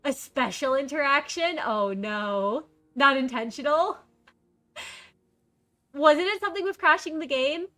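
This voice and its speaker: A woman's voice: high-pitched, unhurried, bright, forceful tone. A woman streamer in casual live chat, bubbly, reading viewer messages aloud and greeting them on a desk microphone. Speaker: game streamer.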